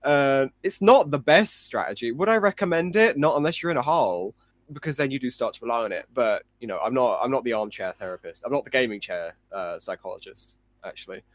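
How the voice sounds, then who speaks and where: A man's voice: medium pitch, expressive, a little fast, no room sound. A man appearing as a guest illustrator on a podcast, speaking casually with self-deprecating, rambling humour and jokey asides.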